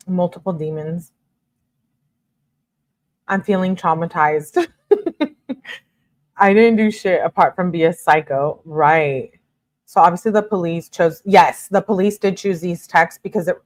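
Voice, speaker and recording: A woman's voice: fairly low pitch, a little slow, pauses often. Casual woman reading texts to her chat. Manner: reads messages flatly, breaks off to chat with viewers. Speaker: true-crime streamer reading texts. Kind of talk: casual live-stream commentary and reading aloud.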